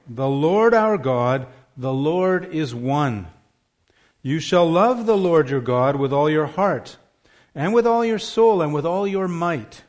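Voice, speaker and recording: A man's voice: fairly high pitch, darkish tone. Man, pastor, scripture reading, raised voice, declaiming, emphatic.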